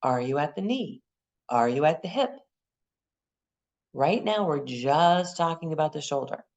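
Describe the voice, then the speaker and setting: A woman teaching an anatomy class for massage exam prep, lively and repeating key terms and memory aids. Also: low-pitched, measured pace, dull audio.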